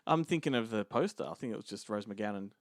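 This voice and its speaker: A man co-hosting a podcast, chatting casually and tossing in quick, laughing asides. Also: lowish voice, expressive, creaky, no room sound, clean studio sound. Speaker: podcast co-host. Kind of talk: casual chat.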